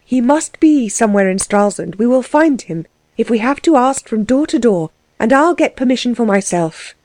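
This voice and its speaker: A woman's voice: on the high side, animated, normal speed, darkish tone, dry recording, close to an everyday voice. A woman reading the part of a resolute young woman who speaks in a firm, clipped, cold tone. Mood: determined. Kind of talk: audiobook character reading.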